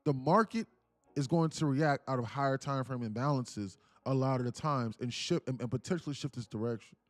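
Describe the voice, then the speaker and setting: A man live-streaming futures trades, talking fast and loose with lots of fillers as he explains charts. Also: mid-range voice, no echo. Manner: rambling, heavy use of "like", animated. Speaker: day trading streamer. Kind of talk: live trading stream talk.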